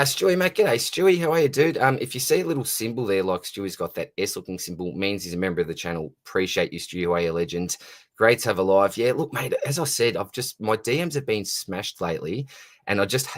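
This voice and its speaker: Australian man, very low voice, casual livestream host, friendly, mate and buddy. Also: fairly bright tone. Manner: friendly, reads out comments and answers them, calls people mate and buddy. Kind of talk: casual live Q&A.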